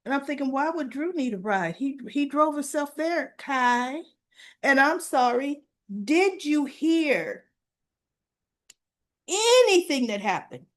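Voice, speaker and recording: A woman with a fairly high voice recaps soap episodes in an unhurried, chatty way. She talks colloquially and slips into the characters' lines as she retells the scenes. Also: animated. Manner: chatty, colloquial, acts out the dialogue. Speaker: soap opera recap host. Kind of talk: casual spoken recap.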